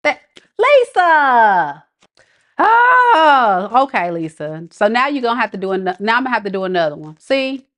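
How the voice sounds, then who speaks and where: A woman's voice: medium pitch, expressive, fast talker, few pauses, a bit bright. A woman with giving a casual, affectionate live tarot reading, chatting with viewers and laughing often. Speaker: tarot reader.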